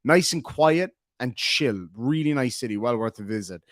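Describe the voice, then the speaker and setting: Man from Ireland, forties, livestream chat, lively swooping voice, dry close sound. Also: medium pitch, normal speed, no room sound. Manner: animated, swearing, joking asides. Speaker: streamer reading live chat.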